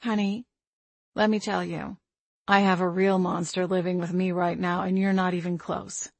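A woman's voice: on the low side, level tone, moderate pace, creaky, no echo. A woman voicing a frank, wry female friend with psychic gifts in an audiobook, blunt and down-to-earth.

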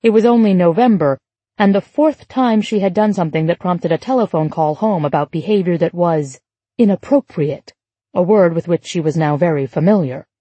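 Breathy, warm female audiobook narrator. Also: lowish voice, no room sound. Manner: even, literary storytelling. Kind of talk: scripted narration.

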